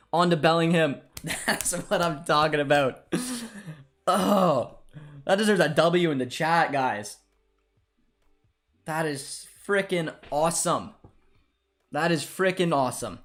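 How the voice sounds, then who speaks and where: A young man hosting a live football watchalong stream. He reacts loudly, laughing and cheering at goals and groaning at bad calls. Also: a little high.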